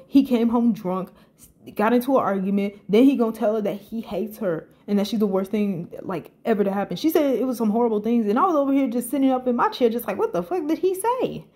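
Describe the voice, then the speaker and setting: A woman giving casual, profane commentary on a reality show, animated and incredulous. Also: medium pitch.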